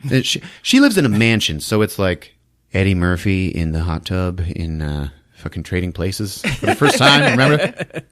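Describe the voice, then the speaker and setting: A man with a low voice hosts a podcast, recapping a film's plot at a normal pace. He tells it in a casual, animated way, laughing and swearing as he goes. The studio recording is clean, with no echo.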